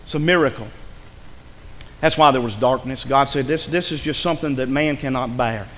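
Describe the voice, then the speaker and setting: A man preaching a sermon, dramatic, dropping to a hush and rising to a shout. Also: medium pitch, normal speed, in a large hall, a little hiss or hum.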